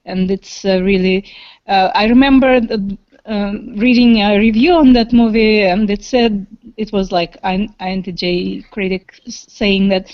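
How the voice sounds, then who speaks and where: A woman's voice: medium pitch, fairly even intonation, unhurried, highs cut off. A woman speaking as a guest in a casual group video-call chat, thoughtful and hesitant, with many fillers.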